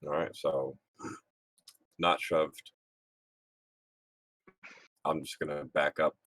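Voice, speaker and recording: A man playing a tabletop game, speaking slowly and deliberately. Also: a bass voice, little pitch movement, fairly bright tone, no echo. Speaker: player.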